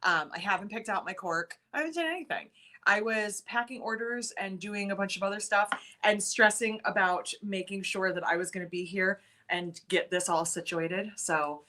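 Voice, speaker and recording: A woman's voice: mid-range voice, moderate pace, bright, forceful tone. A young adult woman hosting a casual live stream, chatting with viewers, reading their comments aloud and laughing often. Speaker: livestream host.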